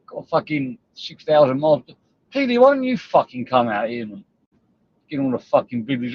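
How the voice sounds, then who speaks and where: A man's voice: medium pitch, lively intonation, normal speed, no room sound, lo-fi sound. A man ranting on a livestream, sweary, confrontational and rambling. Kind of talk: livestream rant.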